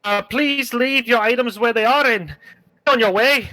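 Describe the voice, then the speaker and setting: A man voicing a male highway bandit who calls out demands in a raised, bossy, slightly bumbling way. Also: unhurried, pushed and bright, no echo, full character voice, low-quality recording. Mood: demanding.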